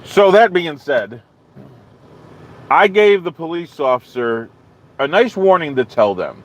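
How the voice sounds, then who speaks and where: Guy rambling thru a story on his stream, kinda high voice, acts out all the quotes. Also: very animated, measured pace, pauses often. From not from the American South. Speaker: live stream host. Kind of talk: casual storytelling to live chat.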